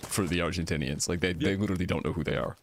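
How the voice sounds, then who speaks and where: A man's voice: low voice, fairly even intonation, rapid-fire, slight background noise. Slangy man reacting with laughs. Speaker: streamer. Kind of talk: casual stream chat.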